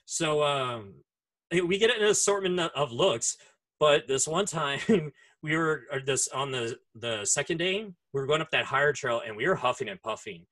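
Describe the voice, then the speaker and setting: A man's voice: fairly high pitch, animated, normal speed, a bit bright. A man in casual chat, telling profane stories and acting out voices, speaking through headphones. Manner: profane storyteller who acts out voices.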